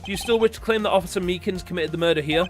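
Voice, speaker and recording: A British man with an English accent voicing a composed male prosecutor who lays out his reasoning in a measured way. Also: high-pitched, background noise, natural voice. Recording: game music playing behind.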